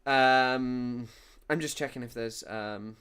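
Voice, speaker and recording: A man's voice: mid-range voice, slow pace, a bit bright, smooth. A man doing casual livestream news commentary, rambling and jokey, laughing often and reading chat comments aloud.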